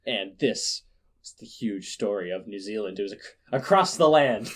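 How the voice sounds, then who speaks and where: A man hosting a casual news podcast, sarcastic and quick to laugh, often restarting his words. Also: lowish voice, animated. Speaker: podcast host.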